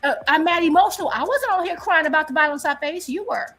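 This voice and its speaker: A woman's voice: extremely high pitch, lively intonation, quick pace, over loud music. A woman on a live-stream panel, arguing in a confrontational, defiant way and repeating her points.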